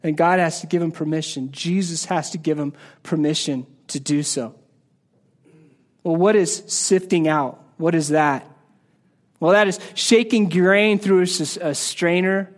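High-voiced man preaching casually. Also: a little slow. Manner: casual, conversational Bible teaching; repeats and restarts words while explaining. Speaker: pastor. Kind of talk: sermon.

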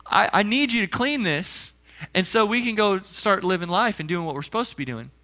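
A man's voice: sits high, animated, a little fast, bright, forceful tone. A young adult man preaching a sermon as pastor, talking in a loose, conversational way and acting out little stories with animation.

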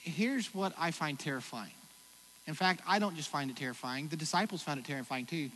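A pastor preaching a sermon in a high, bright, forceful voice. He swings between loud exclamations and hushed, reflective passages. The sound rings with long hall reverb over faint background noise. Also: a little fast.

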